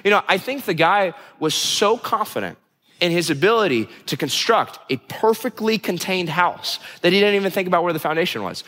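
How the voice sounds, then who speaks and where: Bright-voiced young male preacher. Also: a little high, big-room sound. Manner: conversational, animated, teasing the audience. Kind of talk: sermon. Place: church hall before a live congregation.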